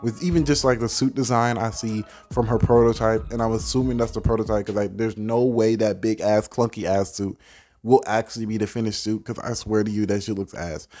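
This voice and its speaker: A man's voice: fairly low pitch, steady tone, a little fast, mellow, faint music behind. A young man giving a heated, dismissive rant as a video commentator, packed with filler words and swearing. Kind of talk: casual ranting commentary.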